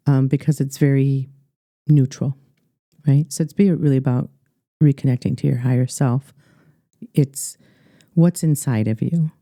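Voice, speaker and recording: A middle-aged woman with an Upper Midwest American accent, a life coach telling her story earnestly in a podcast interview, halting with many fillers. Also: very deep voice, warm tone, no room sound.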